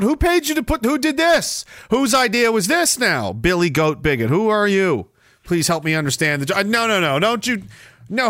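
A man's voice: high voice, a bit bright, no room sound, studio quality. A man in his forties hosting a livestream, reading viewer comments aloud with profane, sarcastic banter and frequent laughter.

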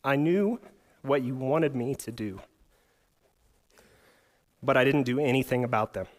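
A man's voice: mid-range voice, measured pace. Man preaching a casual sermon. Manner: storytelling with humor, rhetorical questions. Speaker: pastor.

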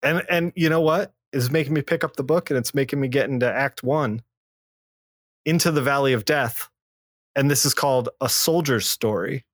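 A man's voice: normal speed, no echo, studio quality. Man casually recapping a comic. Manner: recaps plots loosely with many fillers and restarts; acts out character lines in a lower voice. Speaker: podcast co-host. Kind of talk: casual comic book discussion.

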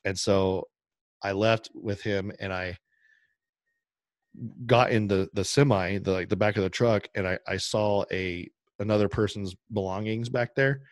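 A man with a fairly low pitch speaks a little slowly while co-hosting a podcast, telling a long, rambling story in casual chat. He animatedly acts out other people's lines throughout. The recording is dry and studio quality.

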